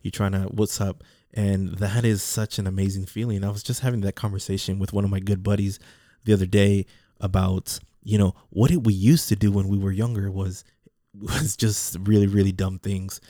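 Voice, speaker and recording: A man's voice: lowish voice, steady tone, moderate pace, dark tone, no room sound, studio quality. A man talking casually in a rambling monologue, repeating words and restarting his sentences. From Mexican heritage.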